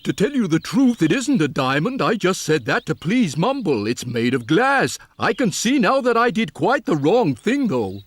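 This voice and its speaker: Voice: mid-range voice, sing-song, normal speed, hardly any pauses, no room sound. An actor voicing an earnest, apologetic clever little creature in a dubbed cartoon. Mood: sorry.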